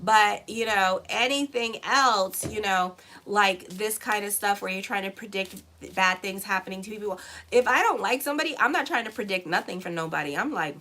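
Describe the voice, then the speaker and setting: Bright-voiced, blunt chatty woman. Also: mid-range voice, fairly quick, a little hiss or hum. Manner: chatty, blunt, swears freely, digresses into stories. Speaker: astrologer and tarot reader. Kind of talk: casual horoscope reading.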